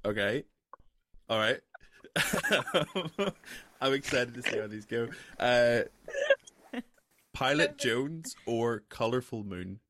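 A man hosting a podcast, calmly explaining the rules of a game in a measured way. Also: medium pitch, background noise. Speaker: podcast host. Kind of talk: casual chat.

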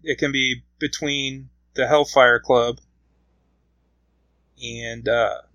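A man's voice: medium pitch, fairly even intonation, takes it slowly, pushed and bright, no room sound, low-quality recording. A man casually retelling a comic book story, rambling along with frequent fillers.

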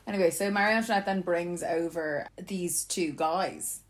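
Chatty woman, lowish voice. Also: normal speed, slight background noise. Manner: chatty and animated, laughs often, acts out quotes. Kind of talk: casual storytelling chat.

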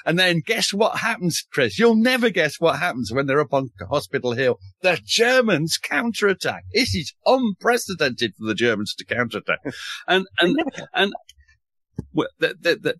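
Animated man, dry sound. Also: fairly high pitch, dry recording. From north of England. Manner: animated, wry, swears casually, many restarts. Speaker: military historian, guest. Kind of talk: enthusiastic podcast storytelling.

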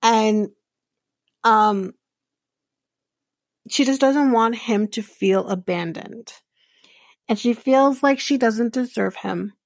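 A woman's voice: fairly high pitch, slow, long pauses, no echo, studio quality. A woman hosting a podcast, recapping a reality show in a chatty, rambling way with many restarts. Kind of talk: casual chat recap.

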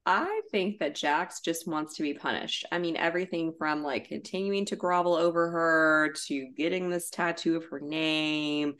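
A woman's voice: low-pitched, normal speed, few pauses, fairly bright tone. A woman podcast co-host recapping a reality show in a casual, blunt way. She uses lots of "like" and swears freely. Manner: chatty and blunt, with frequent "like" and swearing.

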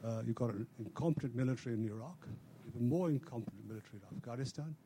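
A man in the audience pressing a combative question, loud and uneven. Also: mid-range voice, racing, a little hiss or hum.

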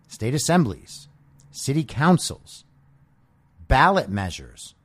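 A man hosting a political podcast, delivering a combative, profane monologue full of sarcastic rhetorical questions. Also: on the high side. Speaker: podcast host.

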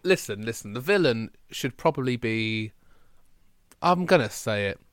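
Lively-pitched man joking around. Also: moderate pace, clean tone, no room sound, clean studio sound. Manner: jokey, puts on silly voices. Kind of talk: casual chat.

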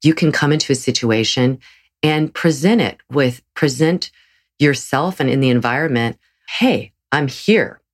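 A woman's voice: a bass voice, moderate pace. A woman hosting her own podcast as a yoga teacher, talking earnestly and encouragingly in a solo episode, with frequent restarts.

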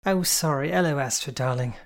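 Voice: medium pitch, fairly quick, close to an everyday voice. A reader voicing a playful, flirty woman who calls everyone darling. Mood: chirpy. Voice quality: chirpy, camp endearments. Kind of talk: audiobook character voice.

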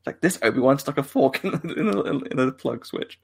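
A man co-hosts a live-streamed fan podcast in loose, casual chat. His mid-pitched voice carries a gravelly, creaky edge. He rambles, laughs often and keeps restarting his sentences. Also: animated, normal speed. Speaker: podcast co-host.

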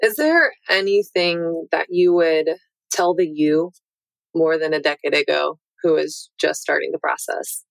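A woman hosting a podcast interview, asking gentle, searching questions in a studio. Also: low-pitched, a little slow, creaky, no room sound, low-quality recording. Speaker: podcast host. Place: recording studio.

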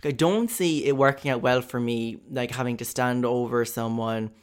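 Young irish guy from cork, rambling jokey rant, swears a lot, mid-pitched voice. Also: moderate pace. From Ireland. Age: young adult. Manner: rambling, profane, jokey, with lots of fillers. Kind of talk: comedic monologue.

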